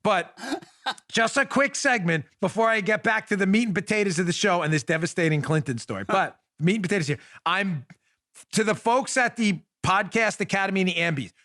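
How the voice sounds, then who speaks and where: A man's voice: high voice, expressive, brisk, bright, forceful tone, dry recording. A man in his forties hosting a political talk show, riffing in sarcastic mock pleas with lots of restarts, into a studio microphone. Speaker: podcast host.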